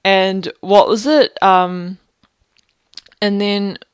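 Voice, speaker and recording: A woman's voice: mid-range voice, fairly even intonation, drawn-out words, clean tone, no room sound. A young woman, telling a story in a casual video diary. She rambles, swears freely and fills her talk with fillers. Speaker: vlogger.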